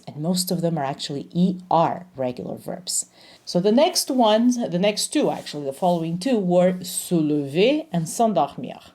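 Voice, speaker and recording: A woman teaching French grammar in English, explaining patiently and slowing down to pronounce each French example. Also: on the low side, warm tone. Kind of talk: grammar lesson.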